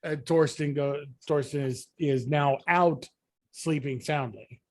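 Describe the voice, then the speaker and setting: A man's voice: on the high side, fairly even intonation, slow, darkish tone. A man narrating as game master of a tabletop game, hesitant with many fillers.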